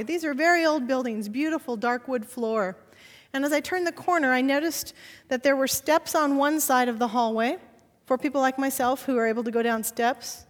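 A woman's voice: high-pitched, a bit bright. A woman pastor preaching a sermon, telling a story and acting out the dialogue. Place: church sanctuary. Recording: long church hall reverb.

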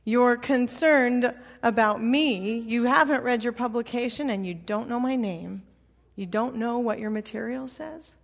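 A woman doing a calm, earnest minister. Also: on the high side, a little slow, creaky. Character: calm, probing male Baptist minister. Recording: long hall reverb.

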